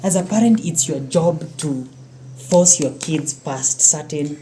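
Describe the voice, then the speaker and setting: A parent, talking casually and earnestly about family rules at length. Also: female voice, sits low, a little slow, warm tone, a little hiss or hum. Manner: explains at length, firm and earnest. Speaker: parent co-hosting a family channel. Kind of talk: casual chat.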